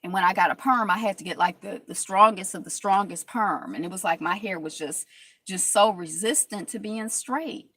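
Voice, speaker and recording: A woman hosting a casual talk stream, telling stories in lively quoted voices and reading viewer comments aloud. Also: medium pitch, moderate pace, breathy edge, no room sound. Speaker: host.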